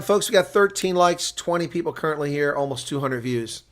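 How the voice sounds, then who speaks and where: A man's voice: fairly high pitch, lively intonation, brisk. A tired man hosting live play-by-play reaction commentary on a rugby match, chatting to his viewers between calls.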